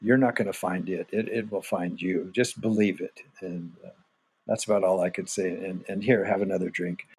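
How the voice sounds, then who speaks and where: Male guest, husky and low, easygoing and encouraging. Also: moderate pace. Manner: relaxed, encouraging, joking. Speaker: podcast guest. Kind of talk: casual conversational reflection.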